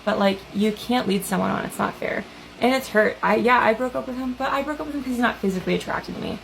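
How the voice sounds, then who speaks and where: A woman talks through a casual vlog in a hesitant, filler-heavy way. Her voice has a gravelly, creaky edge. A faint hiss sits behind it. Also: a little high, quick pace, low-quality recording. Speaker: vlogger.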